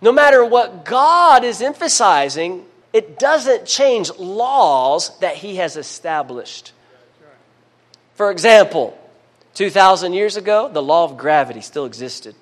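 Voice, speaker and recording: A man preaching a sermon, emphatic, calling for amens and dropping to a hush between louder bursts. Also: high voice, sing-song, slow pace. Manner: emphatic preaching with call-and-response amens, swings between loud and hushed.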